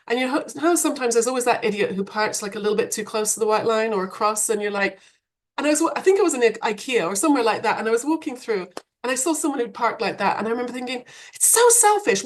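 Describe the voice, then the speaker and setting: A woman with a fairly high voice talks as a podcast guest. She moves between animated storytelling and calm reflection, conversational throughout. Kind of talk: podcast interview.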